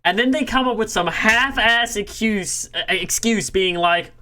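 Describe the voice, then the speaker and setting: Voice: medium pitch, normal speed, hardly any pauses, pushed and bright. A podcast co-host chatting casually, talking emphatically and playfully acting out little quotes. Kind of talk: casual chat.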